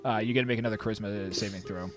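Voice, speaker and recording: A man's voice: fairly low pitch, steady tone, rapid-fire, music in the background. A man narrating as dungeon master for a tabletop game, full of hesitations and fillers.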